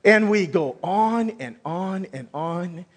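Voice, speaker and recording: Male pastor, sermon, chatty and off-the-cuff, voice a bit high, long hall reverb. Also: takes it slowly. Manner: conversational, animated, thinks out loud with restarts. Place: church sanctuary.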